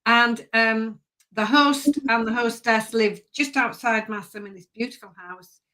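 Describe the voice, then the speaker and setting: Chatty livestream guest: woman, bright and a bit high. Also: fairly even intonation, unhurried. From northern England. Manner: chatty, laughs easily. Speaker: guest tarot reader. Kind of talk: casual chat on a livestream.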